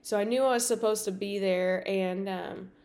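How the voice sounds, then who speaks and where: A woman podcast host telling a personal story in a casual, animated way, with many fillers and acted-out dialogue. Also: mid-range voice, moderate pace.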